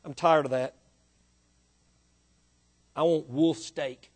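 A man voicing a stubborn, picky sheep that grumbles low and demands meat. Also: fairly even intonation, takes it slowly, breathy edge. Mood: demanding.

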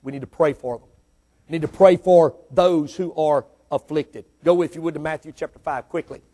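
A man preaching a sermon as pastor, with call and response and loud emphatic peaks. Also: fairly high pitch, normal speed.

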